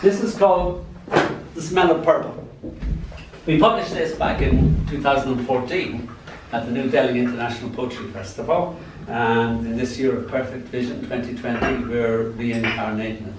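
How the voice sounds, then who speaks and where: An older Irish man reads his poetry to a live audience in a playful, lilting way. His voice sits at a middle pitch and reaches the mic from far off, ringing around a very echoey venue with faint ambience behind. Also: fairly even intonation, moderate pace, noisy background. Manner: playful, lilting, sudden swings in loudness. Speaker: poet. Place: event venue.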